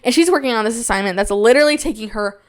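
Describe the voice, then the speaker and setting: A young woman hosting a podcast, telling stories in a rambling, self-deprecating monologue with big jumps in pitch when she quotes people. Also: lively intonation, racing. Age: young adult. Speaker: podcast host. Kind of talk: casual storytelling monologue.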